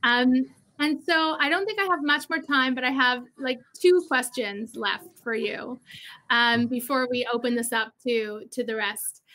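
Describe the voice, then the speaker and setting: A woman's voice: high voice, unhurried, sharp tone. A woman hosting a livestream interview over a video call, speaking in a casual, chatty way with many fillers. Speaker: host, interviewer.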